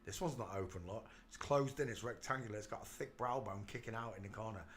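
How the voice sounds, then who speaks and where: A channel host with a fairly low voice talks fast, jeering over photos while addressing the viewer directly and breaking into laughter. There's a little hiss or hum on the recording.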